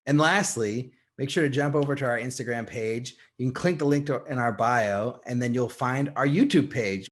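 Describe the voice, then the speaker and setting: A man's voice: medium pitch, normal speed, few pauses. A man co-hosting a filmmaking podcast in casual chat, rambling with lots of fillers and frequent laughs. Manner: rambling, many "like" and "you know" fillers, laughs often. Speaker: podcast co-host.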